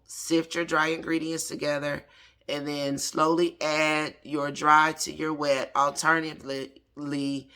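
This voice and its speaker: A man's voice: on the high side, sharp tone, clean tone. A man in his late thirties, a chef, casually walking through an old cookbook recipe and talking back to its author. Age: 30s. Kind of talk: casual cooking lesson.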